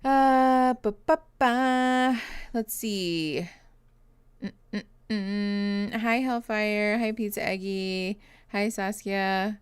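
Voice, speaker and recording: Young woman host, chatty stream reader, tired, mid pitch, dry close sound. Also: fairly even intonation, very slow, clear, resonant tone, dry recording. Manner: chatty, laughs often, greets viewers by name. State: tired and yawning. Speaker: therapist streaming reactions. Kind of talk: casual livestream chat reading comments.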